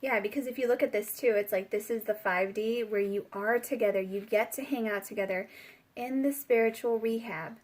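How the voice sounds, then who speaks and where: A woman's voice: a little high, brisk, darkish tone. A woman giving a casual spiritual tarot reading, chatty and giggly, with many fillers. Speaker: tarot reader.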